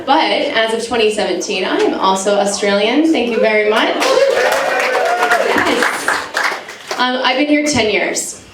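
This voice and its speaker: An American stand-up comedian in her thirties performs a chatty, self-mocking set for a live audience at a comedy venue. Her voice is on the high side and unhurried, with long pauses. The very noisy recording is echoey, with the mic heard from afar and crowd laughter.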